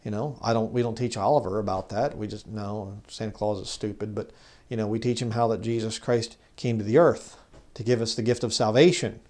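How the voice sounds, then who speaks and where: A man giving an informal bible teaching, talking conversationally and growing louder when he reads scripture. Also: on the low side, fairly quick, few pauses. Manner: conversational, rises loud when reading scripture; mocks legalists in put-on voices. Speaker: preacher.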